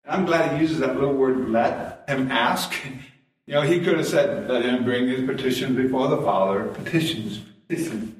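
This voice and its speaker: Speaking fast with few pauses, a middle-aged pastor delivers a sermon in a medium-pitched, slightly dark voice, telling homespun stories and laughing at his own humor. He's heard from afar in a very echoey church sanctuary as the congregation calls back.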